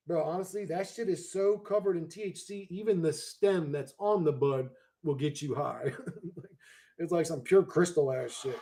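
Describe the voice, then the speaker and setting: A man in his forties chatting casually on a livestream, slangy and profane, laughing often and swinging between mumbling and loud bursts. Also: fairly high pitch, moderate pace. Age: 40s.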